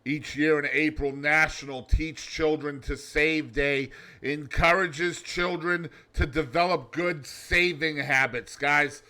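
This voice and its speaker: Male host, loud, over-the-top alter-ego showman; slow, deliberate pacing, slightly high voice. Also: fairly even intonation. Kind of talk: comedic daily show monologue.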